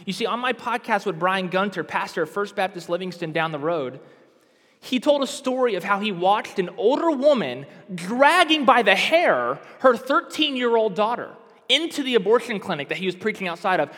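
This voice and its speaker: A man with a high, bright-pitched voice preaches with fervor, pressing his points hard and climbing to emphatic peaks. His voice carries a long reverb, as if heard in a large hall. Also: very animated, normal speed. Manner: impassioned, rising to emphatic outbursts. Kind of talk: sermon.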